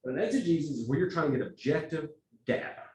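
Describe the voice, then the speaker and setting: A man with a Texas accent leading a church evangelism workshop, talking conversationally and acting out quotes in lively asides. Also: a little high, quick pace. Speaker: evangelism trainer. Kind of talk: workshop teaching. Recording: echoey room, from far off.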